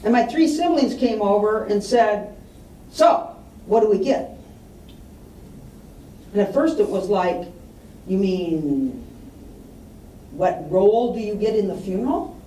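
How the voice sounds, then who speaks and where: A woman's voice: mid-range voice, animated, takes it slowly, long pauses, dark tone, slight background noise. A woman giving a public talk on estate planning, telling client stories and acting out the voices of the people in them. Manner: storytelling, acts out quoted voices. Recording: distant mic in roomy hall, faint ambience.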